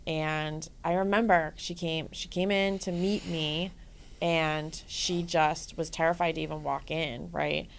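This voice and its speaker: Energetic, profane woman coach telling stories. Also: sits low, unhurried, gravelly, slight background noise. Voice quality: profane, energetic, frequent "right?" and "like". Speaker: guest, bodybuilding and life coach. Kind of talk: casual storytelling interview.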